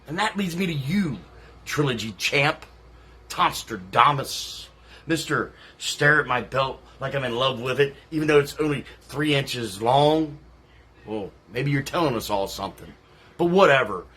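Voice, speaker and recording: A man acting as a salty veteran wrestler cutting a trash-talk promo, brash and contemptuous. His voice is husky and breathy, and he swears freely as he taunts his rivals. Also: mid-range voice, expressive, unhurried, pushed and bright, heavily acted. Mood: scornful.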